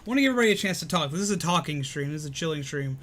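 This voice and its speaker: A man's voice: a little high, animated, rapid-fire, a bit bright. A man in casual live-stream chat, answering viewer comments while recovering from illness. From Alabama, US.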